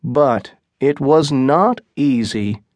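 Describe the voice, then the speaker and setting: Slow, deliberate male audiobook narrator. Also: mid-range voice, darkish tone, dry recording. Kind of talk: scripted narration.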